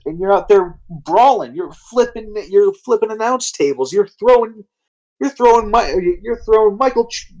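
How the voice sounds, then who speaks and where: A man's voice: fairly high pitch, darkish tone, lightly acted, rough recording. A man voicing a blunt, brawling wrestler who scolds his peers and keeps barking "What?" between sentences. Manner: repeated barking "What?" interjections.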